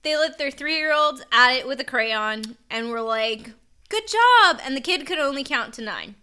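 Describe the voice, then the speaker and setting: High bright-voiced woman on a podcast, sarcastic, teasing her co-host. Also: clean tone. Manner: teasing, sarcastic, quick quips. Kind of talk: casual chat.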